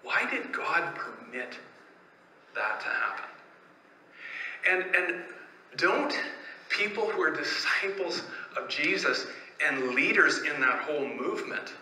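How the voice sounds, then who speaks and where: A man's voice: on the high side, very animated, takes it slowly, long pauses, sharp tone, slight background noise. A man preaching a sermon as pastor, telling stories and asking rhetorical questions in a conversational way. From Canada. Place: church sanctuary. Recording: echoey church room, faint ambience.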